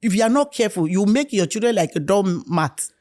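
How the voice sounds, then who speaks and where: A woman's voice: medium pitch, brisk. A middle-aged woman from Africa, in candid conversation, telling stories and acting out family dialogue. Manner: animated storytelling, acts out dialogue. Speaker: guest.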